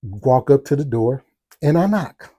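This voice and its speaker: Here a storytelling podcast host uses a husky, mid-range voice at a measured pace. He's animated as he shares a personal tale, speaking straight to listeners and giving voice to each quote.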